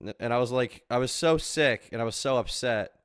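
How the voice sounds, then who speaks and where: A man's voice: mid-range voice, a little fast, a bit bright, clear, resonant tone, no room sound, studio quality. A man in his twenties chatting casually with his live stream chat from home, joking, rambling and crude.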